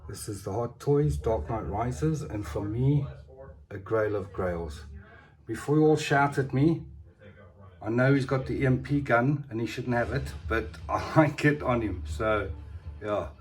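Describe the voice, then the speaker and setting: Slow, rambling man showing his collectibles. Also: mid-range voice. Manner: rambling and chatty, with tag questions like "eh?". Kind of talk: casual show-and-tell vlog.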